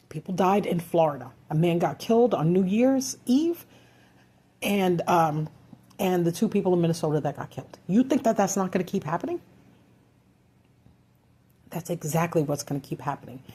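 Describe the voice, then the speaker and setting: Frustrated woman ranting urgently, husky voice. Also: on the low side, normal speed, pauses often, dark tone. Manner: frustrated, urgent, swearing, rhetorical questions. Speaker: vlogger. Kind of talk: impassioned political rant.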